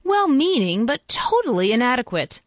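A woman's voice: mid-range voice, big pitch swings, normal speed, a bit bright, no echo, dull audio. A woman reading aloud and voicing a troubled, impassioned Victorian author who speaks in an earnest, oratorical way.

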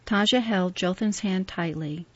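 A woman narrating a story aloud in a steady, measured reading. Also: medium pitch, dry recording. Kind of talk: audiobook narration. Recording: dull, dry lo-fi recording.

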